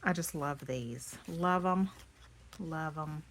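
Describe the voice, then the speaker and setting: A hoarse, slightly low-voiced woman gushes through a casual show-and-tell of handmade crafts. Her tired throat roughens the sound, and she keeps slipping into soft half-whispers as she admires each piece. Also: slow. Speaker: craft vlogger.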